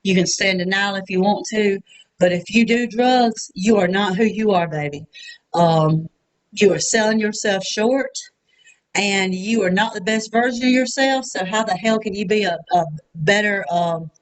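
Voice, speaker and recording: A heartbroken woman, speaking alone at home in a raw confessional vlog, halting with many fillers and pauses, close to tears. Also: medium pitch, low-quality recording. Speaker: vlogger. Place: her apartment.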